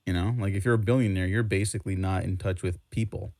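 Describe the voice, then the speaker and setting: Male co-host, low voice, rapid and opinionated in a casual comic review chat. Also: steady tone, darkish tone, no echo, clean studio sound. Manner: opinionated, quick asides.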